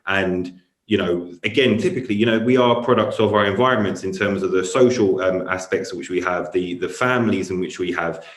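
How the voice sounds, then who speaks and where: A man's voice: sits low, brisk. A man hosting a casual interview, reflecting aloud and leaning on fillers like "you know" and "again". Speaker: podcast host. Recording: echoey room.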